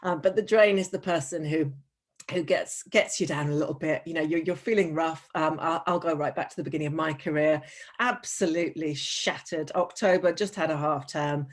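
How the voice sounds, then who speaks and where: A woman's voice: low-pitched, moderate pace. A woman presenting a teacher wellbeing webinar, chatty and frank, with frequent ums, restarts and sarcastic asides.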